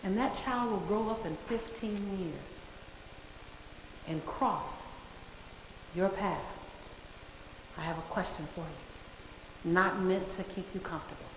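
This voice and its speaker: A woman's voice: fairly low pitch, slow, pauses often, noisy background. A woman giving a motivational speech to an audience, emphatic and repeating her key phrases for effect. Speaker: motivational speaker. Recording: echoey hall with long reverb.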